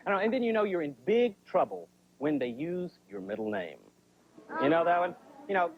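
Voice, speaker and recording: A man's voice: sits high, lively intonation, a little fast, creaky, slight background noise. Chatty stand-up comic man. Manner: chatty, keeps asking the crowd "right?". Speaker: stand-up comedian. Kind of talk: stand-up comedy routine. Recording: dull 1980s TV sound.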